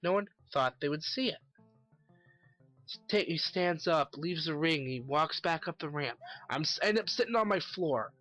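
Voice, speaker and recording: A man's voice: a little high, lively intonation, moderate pace, pushed and bright. Profane, ranting man over faint music. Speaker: wrestling commentary vlogger. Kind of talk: casual solo commentary.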